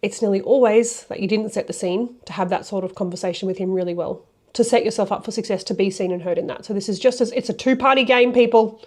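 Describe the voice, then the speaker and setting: A woman's voice: mid-range voice, fast, darkish tone. Blunt woman talking straight to camera, coaching on relationships, swears casually, step by step. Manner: addresses viewers directly with step-by-step tips. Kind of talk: direct-to-camera coaching talk.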